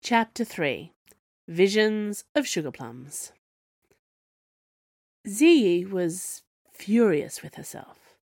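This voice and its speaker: A woman reading her own serialised fiction aloud, in a measured storytelling manner. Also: medium pitch, big pitch swings, a little mellow, no room sound, clean studio sound. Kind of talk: scripted narration.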